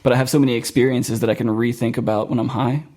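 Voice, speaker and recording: A man's voice: mid-range voice, steady tone, fast talker, mellow. A young man from Florida hosting a podcast in casual chat, rambling and laughing often. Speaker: podcast host.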